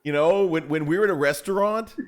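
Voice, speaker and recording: A man telling funny stories in casual livestream chat, animated and quoting others in different voices. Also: a little high, a little fast, a crowd in the background. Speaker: co-host.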